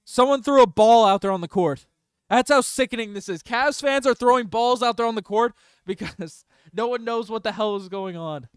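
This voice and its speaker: A young man with a very high, smooth voice calls a basketball game as a passionate fan, groaning at misses and yelling "baby" after big shots. The sound is dry and close, with no room around him. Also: brisk, no room sound. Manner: swings from despair to hype, yells "baby" on big shots. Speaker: fan commentator streaming live play-by-play. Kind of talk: excited fan play-by-play commentary.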